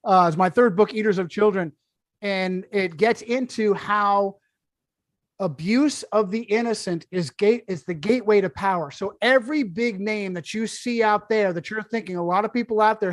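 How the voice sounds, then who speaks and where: A man's voice: sits high, no room sound. Emphatic sarcastic man, dry close mic. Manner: emphatic, sarcastic, rapid-fire. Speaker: guest author. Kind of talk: podcast discussion.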